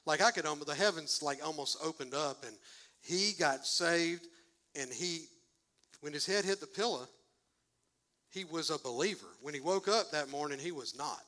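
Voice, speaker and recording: Male preacher, slightly high, bright and forceful voice, loose and slangy, telling a story from the pulpit. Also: moderate pace. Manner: casual, slangy, animated storytelling. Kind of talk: sermon storytelling.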